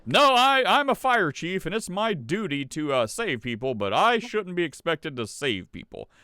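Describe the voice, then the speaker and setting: A man's voice: sits high, very animated, normal speed, bright, forceful tone, clean tone, no room sound, studio quality, voice pushed up, heavily acted. A man putting on the voice of an indignant female fire chief in a sarcastic, exaggerated parody.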